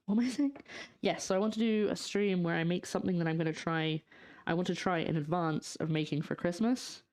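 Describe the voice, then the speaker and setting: A young woman with a Scottish accent chats her way through a home cooking livestream. Her voice sits slightly low, and she drifts between topics, answering viewers as she goes, trailing off with ums and half-finished thoughts. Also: fairly quick, darkish tone. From Scotland. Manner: chatty, reads out and answers chat, trails off in fillers. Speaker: streamer. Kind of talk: casual cooking livestream chat. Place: home kitchen.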